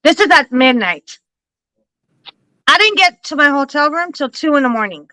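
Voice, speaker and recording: A woman hosting a live stream, telling a long story in a loose, animated way and swearing freely. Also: high voice, moderate pace, dry recording, poor audio. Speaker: livestream host and psychic reader. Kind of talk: casual storytelling chat.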